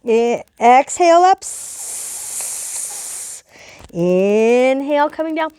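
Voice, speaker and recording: Older woman, high bright voice, cheerful yoga teacher for kids, dry close sound. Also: expressive, extremely slow, smooth, no echo. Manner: cheerful, playful coaching voice. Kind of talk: guided kids' yoga lesson.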